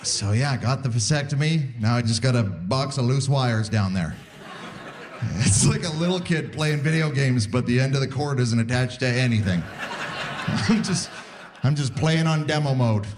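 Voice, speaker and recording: A man's voice: medium pitch, lively intonation. A man in his forties doing a self-deprecating stand-up set before a live crowd. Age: 40s. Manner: self-deprecating, acts out quick voices of others. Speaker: stand-up comedian. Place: live comedy theatre stage. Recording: live stage recording with crowd. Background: audience laughter.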